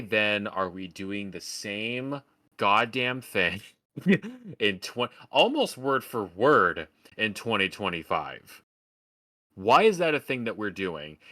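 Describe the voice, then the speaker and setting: A man's voice: lowish voice, bright, forceful tone. A man from Oregon giving a sarcastic, profane rant in a casual podcast film review. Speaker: podcast host.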